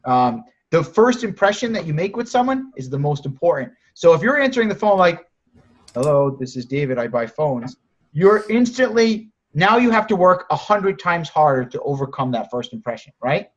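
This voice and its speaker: Guy coaching sales on a group call, kinda high voice, muffled lo-fi audio, keeps restarting. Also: lively intonation. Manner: direct, encouraging, talks in quick restarts.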